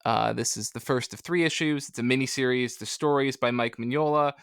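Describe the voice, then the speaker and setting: A man's voice: medium pitch, brisk, vocal fry, a bit bright, clear, resonant tone, no echo, clean studio sound. A man co-hosting a casual comics podcast, rambling and joking at his own expense. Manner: rambling, joking, self-deprecating. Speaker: podcast co-host. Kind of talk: casual chat.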